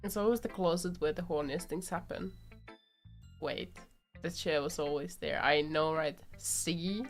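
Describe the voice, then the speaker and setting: A woman's voice: sits low, measured pace, soft background music. A woman streaming a game with casual commentary, giggling often and swearing in her reactions.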